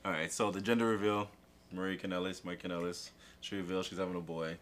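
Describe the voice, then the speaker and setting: A man's voice: sits low, level tone, fast talker, a bit bright, a little hiss or hum. A man co-hosting a casual chat show, animatedly retelling events and acting out quotes, swearing casually. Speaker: podcast co-host. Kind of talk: casual chat recapping wrestling.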